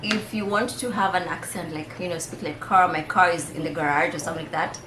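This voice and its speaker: A woman's voice: on the low side, fairly even intonation, fast, fairly bright tone, roomy sound, a little hiss or hum. A woman from Kenya in a casual group chat, joking and chiming in with short agreements.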